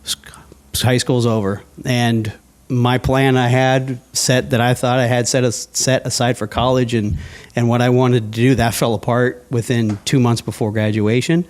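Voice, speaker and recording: A man in a casual podcast interview tells his personal story with plenty of energy. His voice sits at an ordinary middle pitch, and he keeps breaking into playful quoted voices for his past self. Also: normal speed. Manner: animated storyteller, acts out his own past thoughts in quoted asides. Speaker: guest sharing his testimony.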